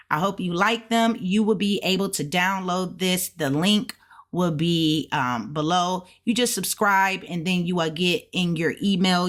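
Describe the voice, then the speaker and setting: Woman walking thru beginner chinese, slow and patient, kinda low voice, repeats stuff a lot. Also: fairly bright tone. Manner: slow, patient, repeats words many times, small laughs. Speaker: language learner teaching beginners. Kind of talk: casual lesson explaining Chinese sentences.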